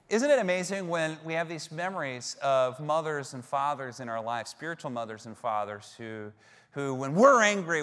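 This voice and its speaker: A man's voice: mid-range voice, fairly bright tone. A man in his thirties preaching a sermon as a pastor, talking in a conversational, self-deprecating storytelling way. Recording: long hall reverb.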